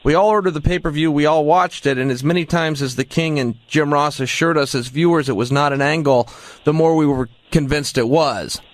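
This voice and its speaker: A man's voice: fairly high pitch, a little fast, dry recording. A man interviewing a guest, phrasing carefully with hesitant repeats. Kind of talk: podcast interview.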